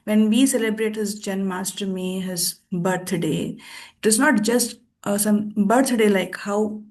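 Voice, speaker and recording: A woman teaching a scripture class, telling a story in a thoughtful, pausing way with restarts. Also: medium pitch, steady tone, a little mellow. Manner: thoughtful, with frequent pauses and restarts.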